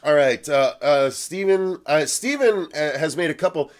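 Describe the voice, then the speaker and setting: A man's voice: a little high, lively intonation, moderate pace. Guy co-hosting a movie review, rambly, says um a lot, curses casually. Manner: rambling, heavy fillers, frequent swearing. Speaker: co-host of a movie review show.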